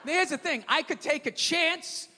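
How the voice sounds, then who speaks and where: A male stand-up comedian ranting profanely in a live set, swinging from mumbled asides to shouting. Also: very high-pitched, unhurried. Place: theater stage before a live audience. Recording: live hall with crowd noise. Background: crowd laughing and applauding.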